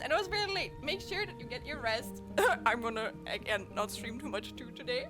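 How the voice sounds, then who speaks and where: A woman's voice: on the high side, a little fast, music in the background. A young woman from Germany streaming casual chat with viewers, sleepy and giggling until she cries with laughter. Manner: giggly, laughs at her own jokes.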